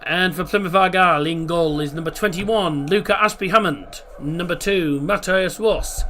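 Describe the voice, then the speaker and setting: A man from Middlesbrough with a Teesside accent hosts a casual football watchalong, his voice sitting a little high for a man. He talks in an easygoing, hesitant way, full of ums and restarts. A faint noise runs underneath. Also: moderate pace. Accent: Teesside English. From Middlesbrough, England. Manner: easygoing, chatty, hesitant with ums and restarts, reads team lineups in a steady list. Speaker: watchalong host.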